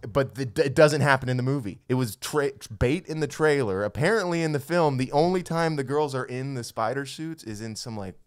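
A man's voice: medium pitch, animated, fairly quick, few pauses, clean tone, no room sound, clean studio sound. A man co-hosting a comedy podcast, explaining things at length in a loose, rambling chat and joking around. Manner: rambling explainer, freestyles and jokes. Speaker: podcast co-host.

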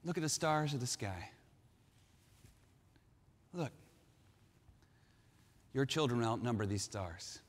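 A man voicing God as a calm male figure making a promise, solemn and reassuring, within a sermon. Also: fairly high pitch, a little fast, in a large hall, close to an everyday voice. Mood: promising.

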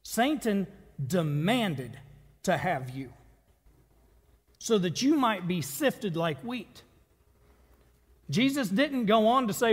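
A man's voice: sits high, big pitch swings, slow pace, pauses often, husky. A man preaching a sermon in a church, reading scripture in an earnest, conversational way. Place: church sanctuary. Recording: long reverb of a church hall.

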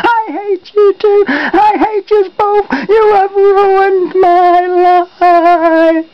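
A woman's voice: extremely high pitch, fairly even intonation, very slow, exaggerated voice. A woman voicing an angry, whiny male dinosaur in a homemade toy skit, complaining indignantly. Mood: wailing. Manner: indignant, sulky, wailing complaints. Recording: dull lo-fi home recording.

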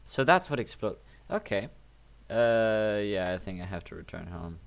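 A man giving excitable, rambling let's play commentary and swearing as he plays. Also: lowish voice, moderate pace, vocal fry. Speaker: gamer.

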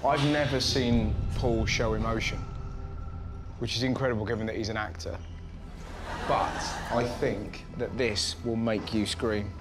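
A man with an English accent hosting a comedy segment, joking and yelping with excitement. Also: on the low side, unhurried. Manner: excitable, yelps and swears, jokey asides. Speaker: comedy show host. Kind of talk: comic banter on location. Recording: music loud behind.

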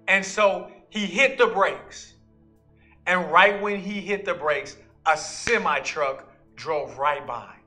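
A man's voice: high-pitched, sharp tone. A man, an associate pastor, preaching a sermon in an earnest storytelling manner.

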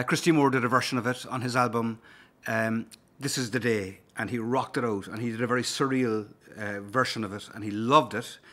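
A singer-songwriter with a Cork Irish accent, chatting loosely and telling anecdotes between songs, with plenty of "um" and "uh". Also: male voice, medium pitch, a bit bright. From Cork, Ireland. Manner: rambling, easygoing anecdotes with filler words.

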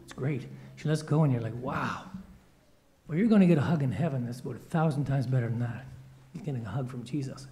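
A man telling a children's story in a church service, playful and animated, acting out quoted lines. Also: mid-range voice, fast talker.

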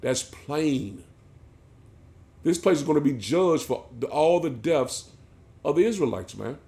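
A man's voice: on the high side, expressive, measured pace, pauses often, mellow. A man preaching an emphatic sermon, often ending his phrases with "man". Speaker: street preacher.

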